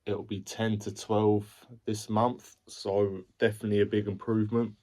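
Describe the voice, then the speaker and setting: A man's voice: fairly low pitch, level tone, moderate pace, warm tone. A man giving a casual, matter-of-fact update to camera in an older clip. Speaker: vlogger in an earlier clip.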